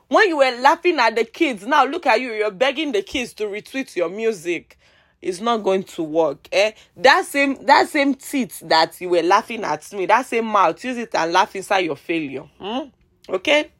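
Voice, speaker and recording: Heated Nigerian woman ranting. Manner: heated, exasperated ranting with sarcastic jabs and repeated pleas; swings between loud outbursts and low mutters. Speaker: vlogger. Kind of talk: rant vlog.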